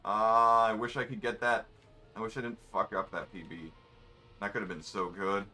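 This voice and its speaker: A man's voice: on the low side, level tone, moderate pace, sharp tone, soft background music. A man, rambling in wry, offhand asides while commenting on his racing game. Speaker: gamer streaming a race. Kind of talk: casual gameplay commentary.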